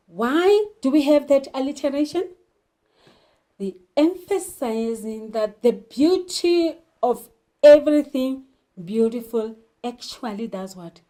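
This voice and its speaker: A woman teacher explaining poetry and literature terms, slowly asking questions and answering them herself. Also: on the high side, mellow. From South Africa. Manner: slow, deliberate, poses questions then answers them. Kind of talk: literature lesson.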